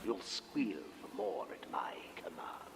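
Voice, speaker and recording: A man's voice: sits low, animated, takes it slowly. A man voicing a sinister male host of a twisted tower, in a sly, menacing whispered role-play. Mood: sly menace. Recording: game audio over music.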